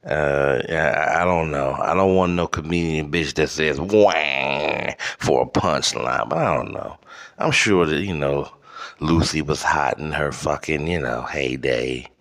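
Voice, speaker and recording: Brief: deep-voiced male host, slow and rambling, cursing through a comic monologue. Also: fairly bright tone. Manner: rambling, profane, halting. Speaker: podcast host. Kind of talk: comedic solo rant.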